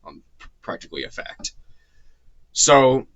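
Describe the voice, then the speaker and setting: A man's voice: mid-range voice, sing-song, slow, highs cut off. A man giving a casual spoken lecture, loose and chatty with many ums and restarts, his voice a little worn. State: slightly losing his voice. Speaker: course lecturer.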